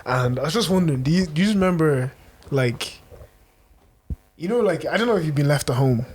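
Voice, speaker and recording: Laughing, animated podcast host, man. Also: fairly high pitch, a little fast, breathy edge. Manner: animated storyteller, laughs often, lots of "like". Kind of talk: casual chat.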